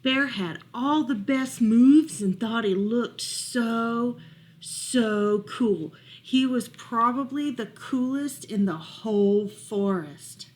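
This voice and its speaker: Librarian woman reading picture books to kids, expressive, unhurried. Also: on the high side. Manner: expressive, asks children questions about pictures. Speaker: children's librarian. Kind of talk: reading a picture book aloud to children.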